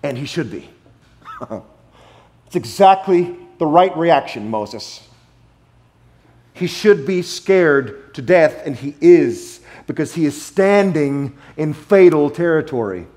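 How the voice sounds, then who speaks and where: A man preaches slowly and expressively in a slightly high voice, as a pastor. He stresses and repeats key phrases, moving between loud declarations and soft asides.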